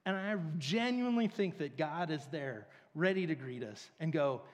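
High-voiced preacher in an echoey hall. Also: male voice, sing-song, moderate pace. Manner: casual, filler-heavy, storytelling. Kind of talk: conversational sermon. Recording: long reverb of a large hall.

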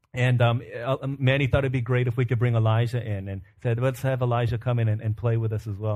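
A man's voice: medium pitch, darkish tone. A man in his thirties preaching a sermon, earnest and storytelling, breaking into laughs and acting out the voices in his stories. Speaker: pastor.

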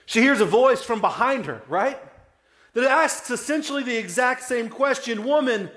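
A pastor delivers a conversational sermon in an animated voice at normal speed, with reverberant sound. He often checks in with "right?" and goes soft and low during emotional moments.

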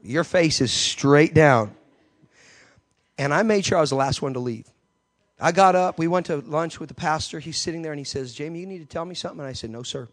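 Animated man preaching a story. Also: on the high side, a little fast. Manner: animated, acts out voices in his story. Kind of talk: sermon storytelling.

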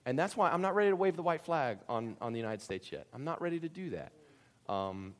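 In a church sanctuary, a pastor talks casually with his congregation during a live Q and A and sermon, cracking jokes and tossing in sarcastic asides. His voice is on the high side and brisk, with big swings in pitch.

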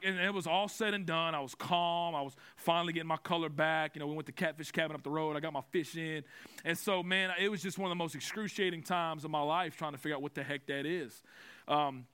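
Young preacher, lively and self-deprecating, somewhat high voice, rapid delivery. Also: male voice, clear, resonant tone. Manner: lively, storytelling, self-mocking humor. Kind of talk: sermon with personal story.

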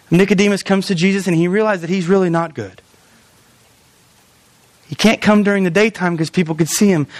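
A male pastor preaching a sermon in a church, animated and often acting out quoted voices. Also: high voice, no echo.

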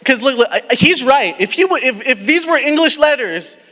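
A young man with a notably high voice preaching a sermon to a youth crowd. He tells stories animatedly, restarting and adding asides as he goes. His voice rings out in a reverberant hall. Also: lively intonation, normal speed, sharp tone.

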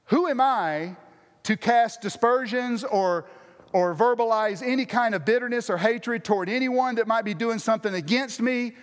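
A male pastor with a drawl delivers an earnest sermon in a fairly high voice. He circles back on his phrases, restarting them to press his point home. His words ring out with the long reverb of a church hall.

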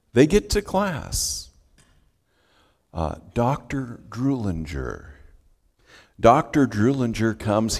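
A man's voice: fairly low pitch, creaky, darkish tone. A man preaching a sermon as a pastor, telling a story and acting out its scenes. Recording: long hall reverb.

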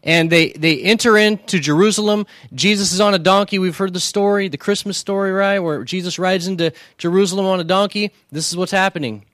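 A man's voice: high-pitched, a little fast, few pauses, a bit bright, no room sound. A man preaching a humorous sermon, telling comic stories and checking in with the crowd with rhetorical questions. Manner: joking storyteller who keeps asking the crowd "right?". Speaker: pastor.

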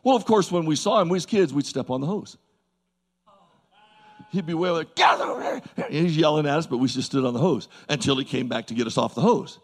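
A man preaching a sermon to a congregation in a church service, folksy and animated, with emphatic repeats and asides to the crowd. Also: a little high, quick pace, few pauses.

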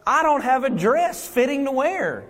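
A man's voice: very animated, unhurried, fairly bright tone, big-room sound, exaggerated voice. A man voicing a doubting believer who protests that he is unworthy, in a raised, pleading tone. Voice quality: high, protesting.

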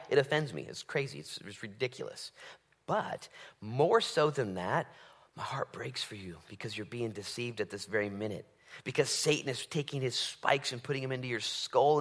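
Guy preaching, super animated, bright voice, goes loud then real quiet. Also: medium pitch. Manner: animated, conversational, swings from loud to hushed. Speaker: pastor. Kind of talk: sermon.

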